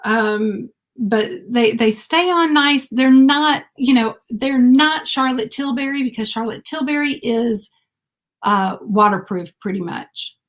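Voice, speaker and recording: A woman's voice: a little high, slow pace. A woman, chatting casually on a livestream with lots of fillers and laughs. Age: 50s. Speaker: beauty vlogger.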